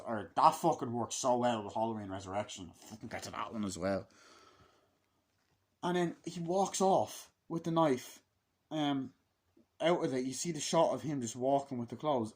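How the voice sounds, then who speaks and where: Male vlogger, mid-pitched, casual unscripted review delivery, heavy swearing, lots of fillers. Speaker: movie reviewer.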